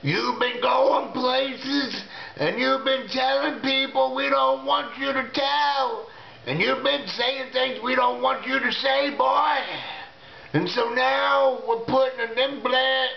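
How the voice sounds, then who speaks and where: A man's voice: very high voice, steady tone, slow, creaky, echoey room, muffled recording, a little hiss or hum, pitched above the performer's own voice, exaggerated voice. A man doing a stern, menacing alien abductor. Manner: stern, repeats "boy" to scold. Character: menacing male alien abductor, cold and threatening.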